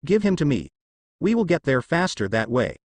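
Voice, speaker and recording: A man's voice: a little high, big pitch swings, normal speed, dry recording. A man voicing a brash, cocky young male ninja.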